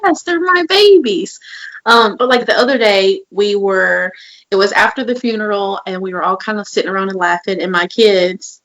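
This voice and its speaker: A woman's voice: mid-range voice, lively intonation, moderate pace, fairly bright tone, muffled recording. A woman in her twenties co-hosting a podcast, telling candid personal stories in casual chat and acting out quoted lines. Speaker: podcast co-host.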